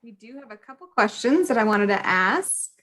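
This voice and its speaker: Woman moderator, a bit high-pitched, polite, reading questions. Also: very animated, normal speed, a bit bright. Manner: polite, reads audience questions.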